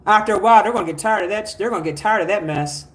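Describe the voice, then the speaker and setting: Rapid-fire and fairly bright, this high male voice belongs to a spiritual teacher running a livestream. He reads out what viewers write and urges them to like, share and donate.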